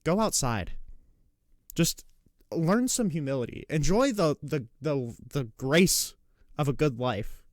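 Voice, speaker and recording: A man's voice: on the high side, sing-song, dry recording, clean studio sound. Exasperated man ranting about politics. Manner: exasperated, rapid rants with profanity; mocking put-on taunts when quoting opponents. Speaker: reaction streamer. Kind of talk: casual political reaction commentary.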